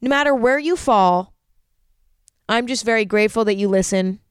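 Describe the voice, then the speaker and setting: A young woman hosts her own advice podcast in a chatty, filler-heavy way, earnest but quick to poke fun at herself. Her voice is smooth and even, and the sound is close and dry. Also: a little high, no room sound. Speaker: podcast host. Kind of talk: casual advice podcast monologue.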